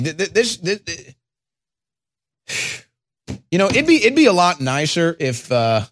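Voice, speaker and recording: A man's voice: medium pitch, dry recording. A man hosting a political talk show, sarcastic and scornful, often stammering into restarts. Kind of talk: casual political commentary.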